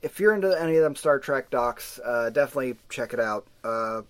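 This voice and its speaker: A man's voice: medium pitch, fairly quick, clear, resonant tone. Casual man chatting about movies. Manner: relaxed, recommending films with quoted asides. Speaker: podcast co-host. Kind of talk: casual chat.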